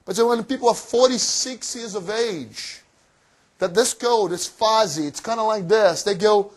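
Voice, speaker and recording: A man giving a motivational finance seminar to a live audience in a room, energetic and cheeky, firing off rhetorical questions. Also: sits high, measured pace. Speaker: seminar presenter.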